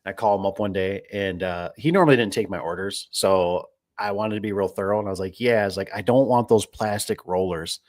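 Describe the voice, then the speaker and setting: A man's voice: on the low side, fairly quick, no echo, studio quality. A man who runs a garage door business, chatting casually to viewers in a rambling, folksy way full of fillers. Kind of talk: casual livestream chat.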